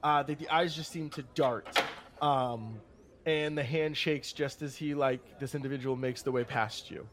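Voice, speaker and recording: A man's voice: medium pitch, fairly even intonation, a little slow, a bit bright. A man narrating as game master of a tabletop role-playing game, describing scenes at length. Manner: descriptive, with fillers and restarts.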